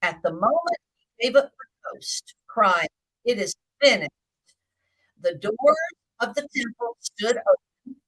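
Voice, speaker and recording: A woman giving a live video Bible teaching, speaking slowly and deliberately, with the occasional hiccup. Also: fairly high pitch, breathy edge, dry recording, poor audio. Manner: slow, deliberate, lively intonation.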